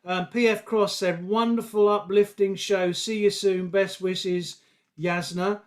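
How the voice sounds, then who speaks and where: A man's voice: high voice, level tone, unhurried, a little hiss or hum. A man hosting a festival live stream, playful and teasing as he reads out viewers' messages. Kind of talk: casual live-stream presenting.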